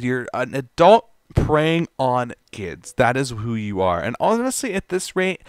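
A man's voice: medium pitch, smooth, no echo, studio quality. A man ranting in commentary, exasperated and stammering, often repeating words as he reacts. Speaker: commentary YouTuber.

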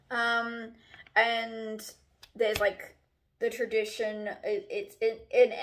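A young woman chatting casually on her own channel about books she is reading, rambling with lots of fillers and restarts. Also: on the high side. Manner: relaxed, chatty. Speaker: book vlogger. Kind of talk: casual book review chat.

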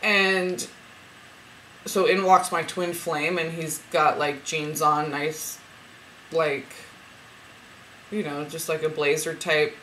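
A woman who reads spiritual cards, chatting to camera as she retells a dream, rambling with lots of fillers and restarts and getting emotional and excited. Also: deep voice, slow, long pauses, a little hiss or hum, rough recording. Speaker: spiritual card reader.

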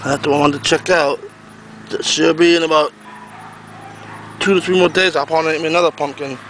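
Strolling outdoors, a man shows off his pumpkin garden to a handheld camera, rambling and going over the same points again. His somewhat high voice stays steady and runs a little fast against a noisy background.

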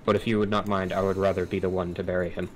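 Man, tabletop player, low voice, formal priest speech, faint background hiss. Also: little pitch movement, poor audio. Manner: formal, measured speech as his priest character. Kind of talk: in-character tabletop role-play.

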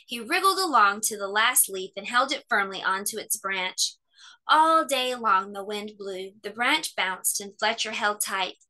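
A woman hosting children's story time, reading a picture book aloud with expressive, animated storytelling. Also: mid-range voice, measured pace.

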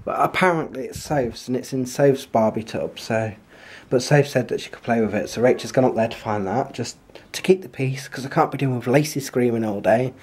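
A man's voice: fairly quick, slightly rough. A man chatting casually to camera as a family vlogger, rambling in a homely way at home, recorded on a handheld compact camera. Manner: chatty, rambling, homely; softer and lower on asides.

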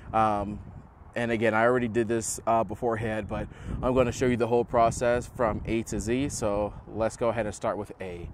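A young man hosting a how-to tutorial outdoors on a house roof, explaining in a relaxed way with many fillers. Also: fairly low pitch, fairly quick, noisy background. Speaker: host of a setup tutorial. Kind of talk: casual how-to demonstration.

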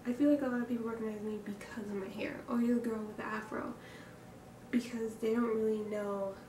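A woman's voice: a little high, fairly even intonation, a little fast, dark tone. Young woman vlogging candidly in an echoey room. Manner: reflective and candid, with hesitant fillers and sighs. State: breathing hard from nerves. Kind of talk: personal confessional vlog. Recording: echoey room, distant mic, background noise.

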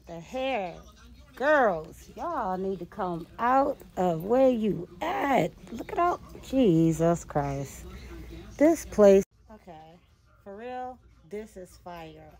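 A woman's voice: medium pitch, big pitch swings, slow pace, darkish tone. A woman vlogging a walk through a large store, talking to her viewers in a gushing, exclamatory way while someone else holds the camera. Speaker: vlogger and product owner. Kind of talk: casual store walkthrough vlog. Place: large retail store, indoors. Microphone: camera held by another person.

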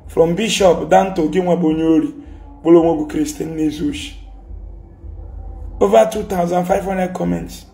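A Nigerian commentator with an Igbo accent rants and scolds in a heated social media monologue, blending Igbo and English and repeating his points. His voice sits high, with vocal fry and a dark tone.

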